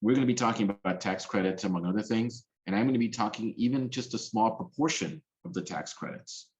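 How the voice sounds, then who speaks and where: Man, low-pitched, presenting policy in a webinar, earnest, restarts a lot, muffled lo-fi audio. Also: a little fast, darkish tone. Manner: earnest, with frequent restarts and fillers. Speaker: policy specialist presenting a talk.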